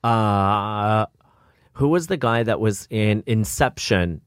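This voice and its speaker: A man's voice: lowish voice, slow pace, clear, resonant tone, no room sound, clean studio sound. A man in his thirties, a guest on a casual comedy podcast, talking with hesitant restarts and casual swearing. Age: 30s. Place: small studio.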